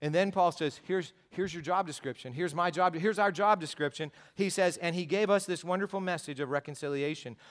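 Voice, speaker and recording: A man with a notably high speaking voice delivers a Sunday sermon. He preaches earnestly, circling back on key phrases and posing rhetorical questions to his listeners. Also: a little fast, few pauses, fairly bright tone. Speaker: pastor.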